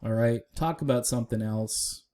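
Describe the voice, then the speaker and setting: Mellow-voiced man giving opinionated music commentary. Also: medium pitch, moderate pace. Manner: opinionated, conversational, with fillers and asides to viewers. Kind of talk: casual solo commentary.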